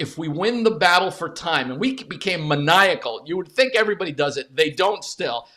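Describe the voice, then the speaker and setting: Speaking a little high, this man tells candid conversational stories as an interview guest who once worked as a media executive. He's emphatic and blunt, swears freely, and repeats himself when worked up.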